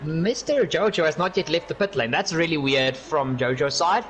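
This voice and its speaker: A young man giving casual, chatty race commentary, giggling and breaking off with quick apologies. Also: fairly high pitch, animated, fairly bright tone, a little hiss or hum. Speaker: sim racing commentator.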